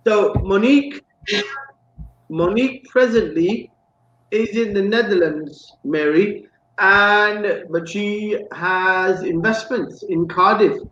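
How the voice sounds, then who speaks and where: A man's voice: sits high, takes it slowly, fairly bright tone, echoey room, highs cut off. A man hosting a live chat show, chatty and teasing, who says "excellent" a lot. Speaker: host. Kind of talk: live radio-style chat.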